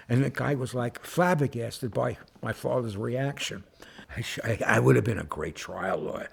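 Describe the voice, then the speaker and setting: Brief: older man in his seventies, gravelly, a rambling storyteller who does the voices of the people he quotes. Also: mid-range voice, animated, moderate pace. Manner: chatty, restarts often, acts out quoted people. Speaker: documentary subject. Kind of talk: candid interview storytelling.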